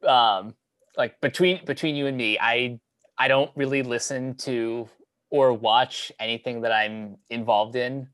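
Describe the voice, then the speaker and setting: A young man talking casually on a podcast, halting with many fillers and restarts. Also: mid-range voice, steady tone, a bit bright, no echo. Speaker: podcast co-host. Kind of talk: casual chat.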